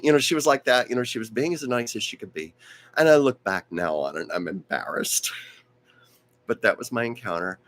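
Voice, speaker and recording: In a brisk, expressive mid-range voice that's a bit bright, a live stream host spins a meandering anecdote packed with asides and restarts. His voice sounds strained and keeps fading in and out.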